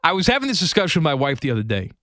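A man hosting a radio show in a studio, running the request segment briskly. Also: on the high side, wildly swooping pitch, fairly bright tone, dry recording. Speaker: radio host. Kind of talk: casual radio banter.

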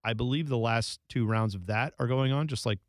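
A man co-hosting a podcast, chatting about soccer in a relaxed, wry way. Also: medium pitch, a little fast, dry recording, studio quality. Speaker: podcast co-host. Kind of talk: casual chat.

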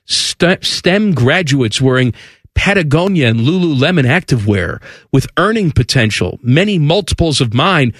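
A man's voice: a little high, big pitch swings, normal speed, a bit bright, no echo. A man co-hosting a sports radio show in casual banter, sarcastic and incredulous, close on a studio mic.

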